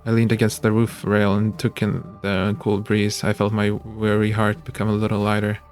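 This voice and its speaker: Flat-voiced man reading a game. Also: lowish voice, normal speed, soft background music. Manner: flat, steady reading with small slips. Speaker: streamer. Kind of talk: reading a visual novel aloud.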